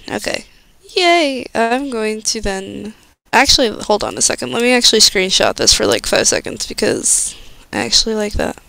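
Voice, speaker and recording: A woman's voice: medium pitch, creaky, pushed and bright, no echo. A young woman chatting casually on a live stream, bubbly and gushing, often squealing with delight.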